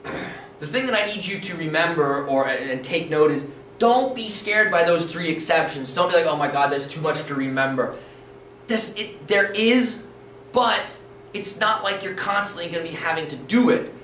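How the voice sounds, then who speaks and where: A man teaches a video language lesson in a high-pitched, pushed, bright voice at normal speed, patiently encouraging and often asking "okay?" as he repeats the rules. The mic is distant, with roomy echo, his voice a bit off-mic, and faint room noise.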